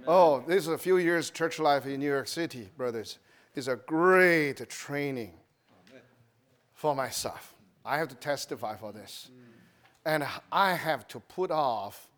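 Man with chinese accent, high voice, lively swings, slow testimony sermon. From China. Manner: animated, repetitive, with broken English and restarts. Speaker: church speaker.

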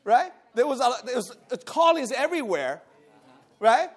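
Man, high-pitched, animated church teacher, chats with the class. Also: measured pace. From Taiwan. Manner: animated, talks with the class, laughs often. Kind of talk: lively church lesson.

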